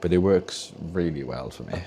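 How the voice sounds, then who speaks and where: A young man from Wales talks at a moderate pace in a low, warm voice with a Welsh accent, with a little hiss or hum behind him. He's a streamer repairing game controllers at the soldering bench in his home workshop, chatting casually and rambling as he goes.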